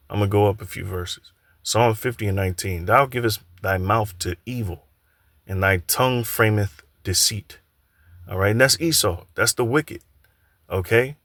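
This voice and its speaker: A man teaching from scripture in a halting way, often repeating words and saying "all right" between points. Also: low voice, a bit bright, dry recording.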